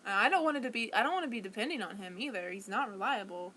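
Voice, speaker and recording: A woman's voice: mid-range voice, lively intonation, fast, sharp tone, slight background noise. A young woman talking to camera at home in a rambling, self-conscious way, full of restarts and fillers. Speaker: vlogger. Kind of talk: casual monologue to camera.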